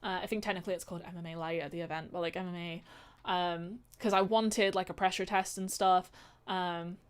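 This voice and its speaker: A woman's voice: fairly low pitch, steady tone, fairly quick, clear, resonant tone. A woman vlogger talking casually about her fights, rambling with lots of fillers and restarts. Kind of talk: casual chat.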